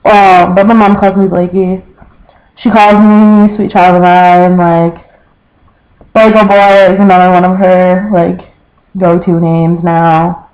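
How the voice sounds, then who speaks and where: A young man with a fairly high voice talks casually to his camera, rambling from one family story to the next. He fills every pause with "like" and slips into quoting his relatives. The sound is dull and lo-fi, like cheap home webcam audio. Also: little pitch movement. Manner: rambling, filler-heavy, quotes family members. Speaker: vlogger.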